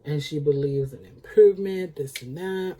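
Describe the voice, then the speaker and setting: A man's voice: fairly high pitch, normal speed, warm tone, slight background noise. A man recapping a TV episode in a chatty, sassy way, with lots of filler words and free swearing. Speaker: beauty vlogger.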